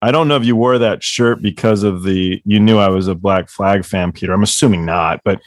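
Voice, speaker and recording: A man's voice: on the low side, brisk, no echo, clean studio sound. A man telling rambling, profane stories as the author guest on a casual book club chat. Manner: rambling, profane, laughing storyteller.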